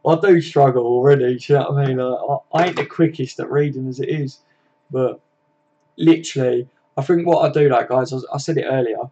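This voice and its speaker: A man's voice: mid-range voice, steady tone, a little fast, dark tone. Blunt chatty Scouse man streaming. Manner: blunt, chatty, swearing, frequent laughs. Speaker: fan channel live streamer. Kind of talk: casual live stream chat reading comments. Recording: dull lo-fi stream audio.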